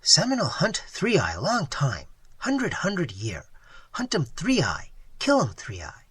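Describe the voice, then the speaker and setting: A reader voicing a terse Seminole man in a storybook reading, speaking in short, emphatic broken phrases, raised and husky. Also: on the high side, wildly swooping pitch, a little slow, fairly bright tone, dry recording, heavily acted. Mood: insistent. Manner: clipped broken speech, emphatic. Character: terse male Seminole man in an old tale.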